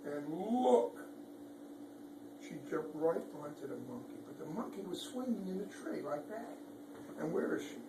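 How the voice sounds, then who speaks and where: A man reading a picture book aloud to children, animated, pointing out pictures and making sound effects. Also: fairly high pitch, moderate pace. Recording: echoey room, far from mic, background noise.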